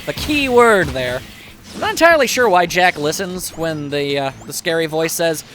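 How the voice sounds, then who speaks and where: A man's voice: a little high, fairly bright tone. A man casually commentating a video game as he plays, chatty and wry, with self-mocking asides. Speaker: gameplay commentator. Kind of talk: casual let's play commentary.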